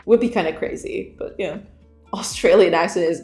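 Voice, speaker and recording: A woman's voice: on the low side, brisk, darkish tone. A woman, a game developer streamer, chatting casually with viewers, giggling often and reading chat aloud. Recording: roomy echo with faint background music.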